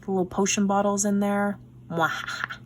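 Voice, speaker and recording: A woman's voice: mid-range voice, unhurried, a little hiss or hum. Gushing woman unboxing craft mail. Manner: gushing, excitable, drops to soft whispers. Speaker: craft vlogger. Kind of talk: casual unboxing chat.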